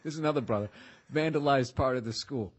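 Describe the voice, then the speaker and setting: A man, hosting a podcast and telling a story in a profane, animated way. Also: mid-range voice, quick pace. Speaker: podcast host. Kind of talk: casual storytelling chat.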